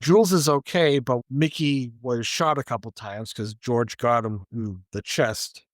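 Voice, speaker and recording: Speaking unhurriedly in a mid-range voice, this man co-hosts a podcast and gives a casual recap of a movie, retelling each scene in turn and quoting characters as he goes. The recording is dry and studio quality.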